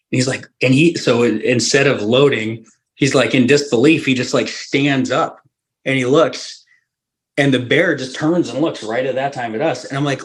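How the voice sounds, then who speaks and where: A man from Alaska, a hunting guide, tells a story on a podcast with easy, unhurried energy. He laughs often and acts out what people said in quick bursts. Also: medium pitch.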